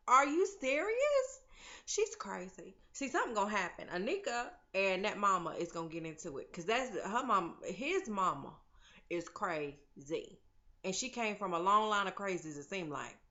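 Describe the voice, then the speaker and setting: A woman's voice: mid-range voice, moderate pace. Chatty woman recapping a TV episode. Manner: animated, chatty, acts out characters' lines. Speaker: TV recap vlogger. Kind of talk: casual TV recap chat. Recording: slightly dull lo-fi audio.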